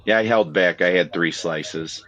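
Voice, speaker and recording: A man's voice: sits low, measured pace, a bit bright. A man with a Boston accent on a podcast, joking in a mock-therapist manner. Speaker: wrestler guest. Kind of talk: casual podcast chat.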